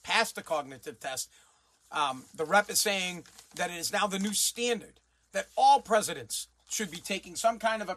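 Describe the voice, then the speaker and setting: A man's voice: sits high, pushed and bright. A man hosting a commentary show, ranting bluntly and sarcastically and swearing freely.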